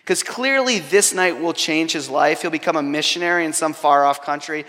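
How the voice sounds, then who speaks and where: A man's voice: a little high, normal speed, few pauses, sharp tone. A man preaching a sermon, telling a personal story with self-deprecating humor. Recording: long hall reverb.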